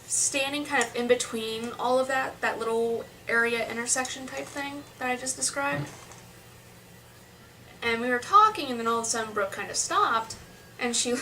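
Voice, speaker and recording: A young woman tells a long story to her camera, rambling and restarting as she goes. Her voice sits a little high and sounds bright. She is a bit far from the mic, with a faint hum behind her. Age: young adult. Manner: chatty, rambling with restarts and asides. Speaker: vlogger.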